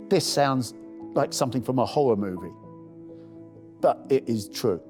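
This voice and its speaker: A man's voice: medium pitch, expressive, measured pace, long pauses, music in the background. A man earnestly telling a heartfelt personal story in a documentary. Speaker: first-aid campaigner.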